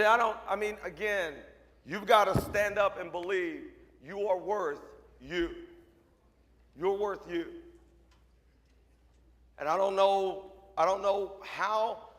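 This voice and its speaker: A man's voice: sits high, fairly bright tone. A man giving a motivational speech to a student audience, joking and talking straight to the crowd in punchy bursts. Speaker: motivational speaker. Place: large hall at a school assembly. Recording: long hall reverb.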